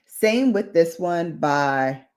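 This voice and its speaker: A woman's voice: on the low side, lively intonation, drawn-out words, a little mellow. A woman beauty vlogger chatting casually on a livestream while doing her makeup, reading out viewer comments and drifting onto tangents.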